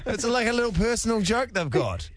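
A man's voice: very high voice, very animated, brisk, crowd noise. A male radio host, sheepish and self-mocking, often laughing. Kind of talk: casual studio banter. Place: radio studio. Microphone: studio microphone.

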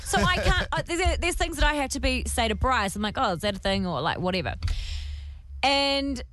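A woman's voice: sits high, expressive, normal speed, a bit bright. A young woman with a New Zealand accent, a radio host telling a story in a chatty, self-conscious way and laughing as she goes. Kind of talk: casual radio chat, storytelling. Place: radio studio.

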